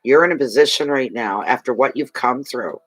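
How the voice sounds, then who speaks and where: A man's voice: mid-range voice, moderate pace, no echo, rough recording. A man giving a tarot card reading to a client, speaking emphatically and repeating key phrases to reassure her. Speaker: tarot reader.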